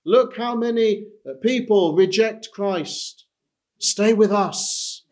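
A man's voice: high voice, slow, darkish tone, pitched above the performer's own voice. A man voicing a devil who coaxes and urges over and over, inside a sermon. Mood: coaxing. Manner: coaxing, repetitive urging. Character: tempting male devil, coaxing and persuasive.

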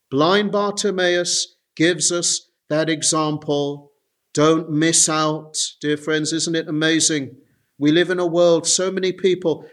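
A man preaching an earnest sermon, often turning to his listeners with direct appeals. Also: sits high.

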